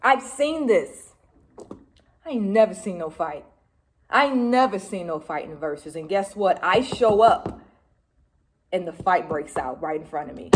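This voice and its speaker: A middle-aged woman from Detroit talks straight into her phone, recapping a night out for her vlog. She tells it like a story, animated and unfiltered, with plenty of swearing and acted-out quotes. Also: fairly low pitch, moderate pace, slight background noise. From Detroit, USA. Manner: animated storyteller, swears freely, acts out what people said. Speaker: music vlogger. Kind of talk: casual recap to camera.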